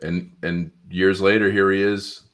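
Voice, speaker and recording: Deep-voiced male podcast host. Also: level tone, a bit bright. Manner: quick, with frequent short back-channel replies. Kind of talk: casual interview hosting.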